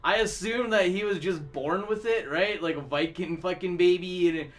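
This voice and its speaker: A man's voice: sits high, moderate pace. A man hosting a music stream who tells rambling stories in casual chat, laughing often and swearing a lot.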